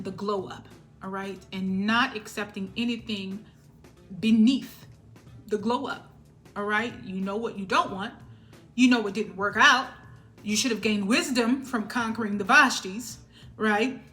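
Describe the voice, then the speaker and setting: A woman's voice: mid-range voice, bright, forceful tone. A woman giving a spiritual tarot reading to her viewers. She talks in an emphatic, sassy way and keeps checking in with "all right?". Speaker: tarot reader.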